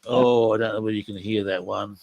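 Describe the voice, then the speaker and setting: A man's voice: lowish voice, fairly even intonation, a little fast, darkish tone, no room sound, lo-fi sound. Chatty older male podcast host, dry sound. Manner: chatty and enthusiastic, talking straight to listeners. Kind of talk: casual podcast commentary on audio clips.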